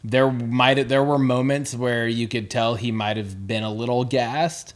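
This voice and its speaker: A man's voice: mid-range voice, fairly even intonation, measured pace. A man co-hosting a podcast, recapping wrestling matches in loose casual chat, joking and often restarting his sentences. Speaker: podcast co-host.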